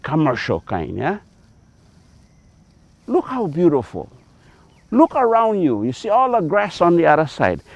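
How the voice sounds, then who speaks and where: A man's voice: a little high, a little mellow, no room sound, dull audio. A man who farms taro, speaking with a Hawaiian Pidgin English accent as he gives a folksy outdoor demonstration at his farm, often checking in with his listeners. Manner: folksy, keeps checking in with "yeah?". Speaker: taro farmer. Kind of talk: field demonstration.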